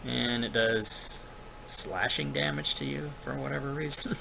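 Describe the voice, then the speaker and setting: A man's voice: mid-range voice, measured pace, vocal fry, pushed and bright, slight background noise, poor audio. A man running an online tabletop game as dungeon master, narrating monster turns casually with lots of filler. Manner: casual, thinking aloud with frequent filler.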